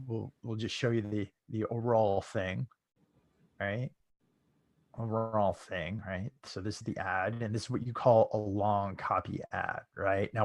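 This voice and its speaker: A man's voice: lowish voice, dry recording. A man presenting a casual live webinar, chatty, often tagging his sentences with "right?".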